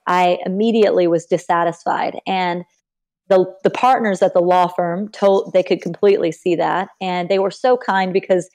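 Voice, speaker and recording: A young woman from Texas, a podcast guest, telling stories casually and acting out the people she quotes. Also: normal speed. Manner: animated, acts out quoted people with big pitch jumps. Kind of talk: casual storytelling in an interview.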